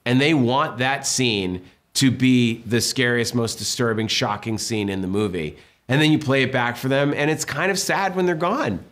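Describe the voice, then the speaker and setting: A man in his fifties from Massachusetts tells stories in a casual interview. He jumps into other people's lines as he tells them, with a mid-pitched voice. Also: normal speed. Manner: animated storyteller acting out quotes. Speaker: director being interviewed.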